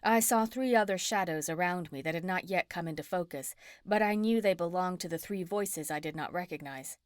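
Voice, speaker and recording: A woman narrating an audiobook in the first person, in an even storytelling manner. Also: fairly low pitch, fairly quick, no room sound, clean studio sound.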